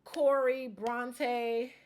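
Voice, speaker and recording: High-voiced woman telling a lively recap. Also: extremely slow. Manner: animated storytelling, acts out quotes, laughs often. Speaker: former contestant recapping a reality show. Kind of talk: casual vlog recap.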